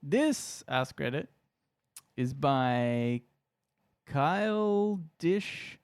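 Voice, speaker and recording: A man's voice: on the high side, expressive, unhurried, creaky. An Australian man co-hosting a podcast in casual chat, playful and teasing, laughing often. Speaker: podcast co-host.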